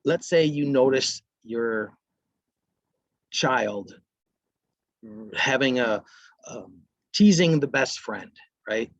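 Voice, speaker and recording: A man's voice: mid-range voice, lively intonation, extremely slow, pauses often, no room sound. A man presenting a parenting workshop, talking casually and acting out short lines from parents and kids. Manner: conversational, acts out parents and kids in brief quotes.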